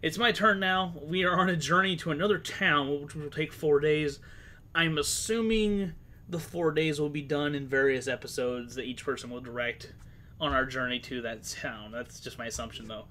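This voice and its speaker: A man's voice: fairly high pitch, fairly even intonation, moderate pace, sharp tone. A man with a slightly sore throat chatting casually and rambling as the game master of an online tabletop game, swearing now and then. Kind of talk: casual game stream chat.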